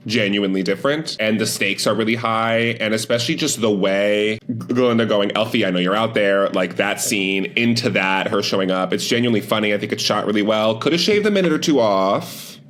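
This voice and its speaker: A man's voice: fairly low pitch, fairly quick, fairly bright tone, a little hiss or hum. A man in casual chat, weighing his views on a film thoughtfully, with many fillers and hedges. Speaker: podcast guest.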